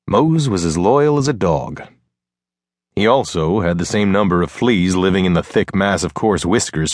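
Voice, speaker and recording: Brief: low-pitched male narrator, measured Western storytelling, dry close studio sound. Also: no echo. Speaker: audiobook narrator. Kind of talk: scripted narration.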